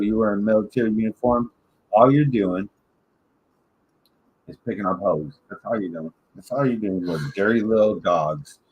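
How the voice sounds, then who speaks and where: Through a muffled recording with a bit of hiss or hum, a fairly low-voiced Michigan man rambles through animated, curse-laden stories as host of a laid-back podcast.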